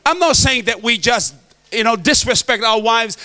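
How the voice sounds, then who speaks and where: A middle-aged pastor preaches in an unusually high voice. His tone is bright and forceful. He jokes with the congregation, then drives his points home with emphatic shouts. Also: lively intonation, moderate pace. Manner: emphatic, joking, preaching to the men. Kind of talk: sermon.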